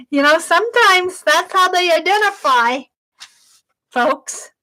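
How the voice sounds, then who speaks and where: A woman hosts her own art stream, reading each viewer question aloud as she writes it down. She talks slowly and calmly and keeps praising the questions. Her voice sits high and sounds bright. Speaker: art livestream host.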